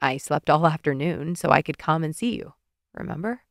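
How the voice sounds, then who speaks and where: Picture a woman reading an audiobook, doing a gentle young man in love, his voice pitched a touch lower than hers and kept soft and hushed. He sounds tired but sincere. The recording is close and completely dry. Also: normal speed, vocal fry, dry recording. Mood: tender. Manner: soft, low-key and hushed.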